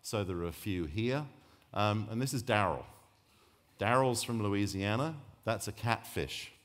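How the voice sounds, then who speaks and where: A man's voice: fairly low pitch, expressive, measured pace, a bit bright. A man giving a public science talk on sharks, rambling and joking, often breaking off mid-sentence. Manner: rambling, jokey, self-interrupting. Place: lecture hall. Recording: long hall reverb.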